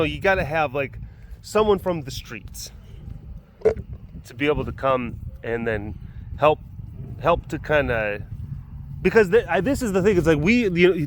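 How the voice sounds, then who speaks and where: A man's voice: a little high, slight background noise. A man vlogging outdoors at a wild animal facility, rambling and joking with many restarts. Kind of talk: casual rambling vlog commentary.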